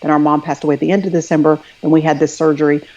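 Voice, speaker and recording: Guest, woman, middle-aged, low pitch, earnest storyteller; muffled video-call audio. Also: little pitch movement, racing, dark tone. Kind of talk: casual conversation over a live video stream.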